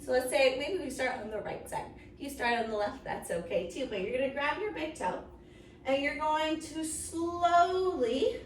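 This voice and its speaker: A woman teaching a yoga story lesson to children, playful and coaxing, making silly animal and train sounds between gentle instructions. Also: high voice. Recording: roomy, far from the mic, faint hiss.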